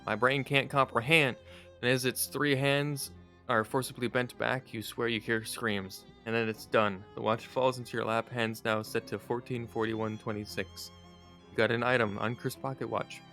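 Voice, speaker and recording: A man's voice: mid-range voice, fairly even intonation, normal speed, sharp tone, soft background music. A man streaming a game, playfully reading out its narration and his typed commands. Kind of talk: reading a text adventure aloud.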